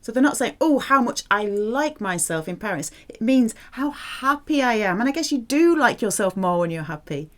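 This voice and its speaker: A woman teaching a French lesson, drilling verb forms slowly and checking in with the learner. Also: on the high side. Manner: slow, deliberate drilling of verb forms with lively questions to the learner. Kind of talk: language lesson.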